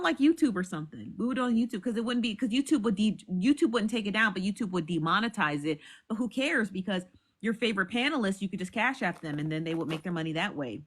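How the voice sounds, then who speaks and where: Animated, bright-voiced woman live streamer. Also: lowish voice. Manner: profane, repetitive, laughs often. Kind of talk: casual live-stream chat.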